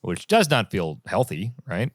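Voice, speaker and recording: Man, 30s, podcast co-host, swooping lively pitch, dry close sound. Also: measured pace, husky, no echo. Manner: chatty, animated storyteller. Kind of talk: casual chat. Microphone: remote call.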